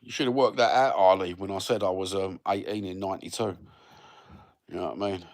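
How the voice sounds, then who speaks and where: Fifties geezer, very deep voice, laid-back sweary banter with viewers. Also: male voice, fairly even intonation, fairly quick. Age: 50s. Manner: sweary, blokey banter with lots of fillers. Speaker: livestreamer reading viewer comments. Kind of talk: casual rambling chat.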